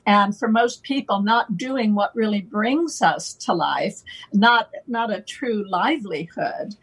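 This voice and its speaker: Woman guest, husky, unhurried, playful wordplay delivery. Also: mid-range voice, rough recording. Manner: playful wordplay, slow and deliberate, laughs often. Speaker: guest on a talk show. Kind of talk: relaxed conversational explanation.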